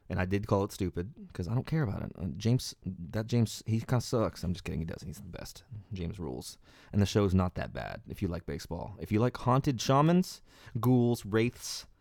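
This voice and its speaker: Loud rambling man, low voice, dry mic. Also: dry recording. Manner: loud, rambling, jokey and mock-grumpy. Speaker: podcast host. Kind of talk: casual comedic chat over music.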